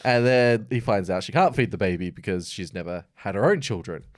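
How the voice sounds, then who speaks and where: A man's voice: lowish voice, brisk, no room sound, studio quality. Rambling man retelling a cartoon. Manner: rambling, filler-heavy storytelling. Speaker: podcast co-host. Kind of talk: casual chat, animated retelling.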